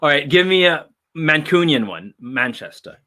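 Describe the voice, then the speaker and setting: A man from the Philippines hosting a casual chat, animated and laughing often. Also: a little high, moderate pace. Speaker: host.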